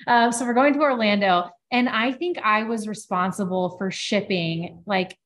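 A woman co-hosting a podcast, telling a personal work story in a casual, lively way with many filler words. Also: mid-range voice, normal speed. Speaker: podcast co-host.

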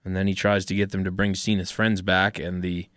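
A young man co-hosting a casual chat, recapping events in a plain, steady run-down. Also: low voice, fairly quick, clean tone, no echo, studio quality. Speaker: podcast co-host.

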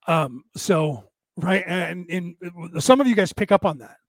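An older man talks into a close, dry mic. His worn voice sits a little high for a man, and he rambles on with restarts and asides. He sounds tired after hours of talking. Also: animated, measured pace, no room sound. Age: older, with graying hair. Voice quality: says his voice is damaged but penetrating. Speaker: podcast host. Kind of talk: casual monologue.

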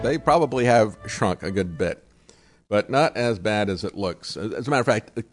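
A man hosting a political talk show, delivering sarcastic commentary and mocking the people he quotes. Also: on the low side.

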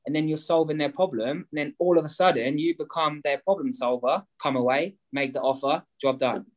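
A man, a guest explaining his property method in an energetic way, acting out both sides of phone calls. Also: medium pitch, brisk, few pauses.

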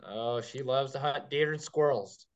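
A man, a guest on a podcast, telling stories in an excited, rambling way with many restarts. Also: medium pitch, unhurried. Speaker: guest, game caller. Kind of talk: casual podcast chat. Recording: dull lo-fi sound.

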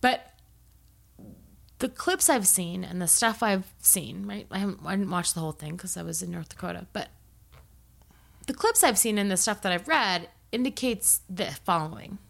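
A woman's voice: medium pitch, lively intonation, normal speed, creaky, fairly bright tone. A woman in heated, profane political chat, slipping into mocking impressions of angry men.

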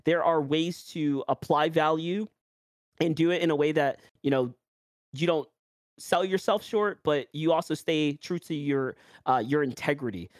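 With clean studio sound and no room noise, a man with a slightly high voice takes his time telling stories. He's a New York commentator hosting a laid-back podcast, acting out quotes and leaning heavily on fillers as he narrates with energy.

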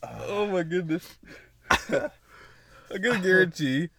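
A man's voice: high-pitched, animated, slow pace, gravelly, a bit bright. A man co-hosting a podcast, chatting casually and jokily, often laughing. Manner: giggly, jokey, breaks into silly voices. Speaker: podcast co-host.

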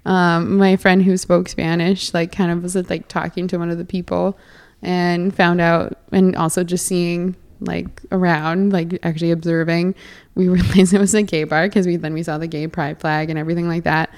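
A woman's voice: lowish voice, flat delivery, moderate pace, darkish tone. A young woman from Canada, a podcast guest, chatting casually and giggling often. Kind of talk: casual chat.

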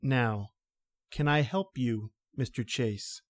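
A man's voice: mid-range voice, close to an everyday voice. A man playing a suave mocking villain. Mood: suave menace. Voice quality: suave, smooth and measured. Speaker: Harvey Kerrigan. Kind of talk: 1930s radio drama acting.

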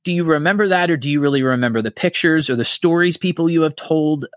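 A man hosting a casual podcast recounts personal stories frankly, cursing freely as he gets worked up. His voice is a little high and fast, in a dry, studio-quality recording.

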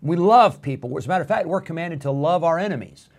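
A middle-aged male pastor delivers a radio sermon in a fairly high voice. He preaches earnestly, leaning on "uh" between thoughts. At times he builds to fervent emphasis. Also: expressive, fast talker.

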